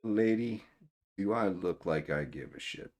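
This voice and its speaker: Low-voiced man running a tabletop game. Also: animated, a little mellow. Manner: halting, repeats words, gruff as bouncers. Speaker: game master.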